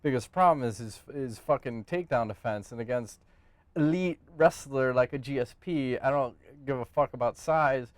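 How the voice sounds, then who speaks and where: Smooth-voiced man in profane fight talk. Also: mid-range voice, normal speed, no room sound. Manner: profane, animated, breaks into joking bits. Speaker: podcast co-host. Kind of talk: casual sports chat.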